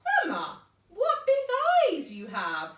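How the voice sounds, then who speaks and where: A woman's voice: very high-pitched, huge pitch swings, takes it slowly, a bit bright, voice pushed up, heavily acted. A woman voicing an innocent little girl in a red cape who talks in a wondering, wide-eyed way. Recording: echoey room, mic far off.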